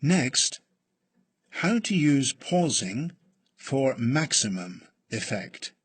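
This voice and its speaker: Male reading teacher, very slow deliberate read-aloud, husky tone, lively pitch. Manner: deliberate, with long pauses.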